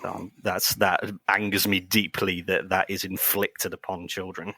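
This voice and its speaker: A man's voice: low voice, flat delivery, measured pace, sharp tone, husky. A man on a podcast making an earnest point, hesitating with fillers as he builds his argument. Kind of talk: casual podcast discussion.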